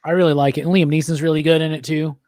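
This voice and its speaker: High-voiced man hosting a casual chat. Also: racing, dry recording, studio quality. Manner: animated, blunt, swears freely. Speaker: podcast host.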